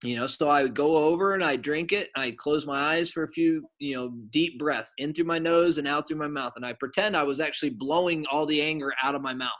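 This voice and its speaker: Middle-aged man, chatty and animated coach. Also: on the high side, a little fast, few pauses. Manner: animated, rambling with many fillers. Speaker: soccer coach and former goalkeeper. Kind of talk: casual storytelling to kids.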